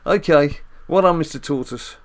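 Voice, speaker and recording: A middle-aged man hosting a casual gaming video with his son, joking and teasing in lively banter. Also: a little high, normal speed. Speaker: gaming channel host, dad.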